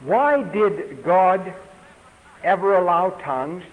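A man reading audience questions aloud to a preacher, slowly and deliberately. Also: sits high, animated, narrow, tinny audio. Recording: reverberant hall, faint hiss.

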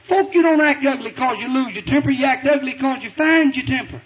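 High-voiced preacher on tinny radio. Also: male voice, a little fast, few pauses. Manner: folksy, emphatic, rising to shouts. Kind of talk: sermon. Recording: tinny phone-like radio broadcast with faint hiss.

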